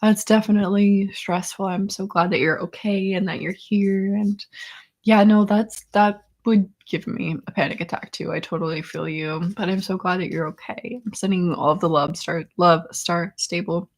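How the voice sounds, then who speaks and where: A woman's voice: lowish voice, steady tone, moderate pace. A young woman hosting a casual livestream chat, reading viewers' comments, laughing often and trailing off with ums. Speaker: chronic illness vlogger hosting a live chat.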